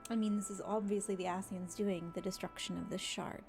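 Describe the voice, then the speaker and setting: A woman's voice: mid-range voice, fairly even intonation, fairly quick, creaky, music in the background. A woman game streamer giving blunt, sweary, chatty commentary while she plays. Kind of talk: casual gameplay commentary.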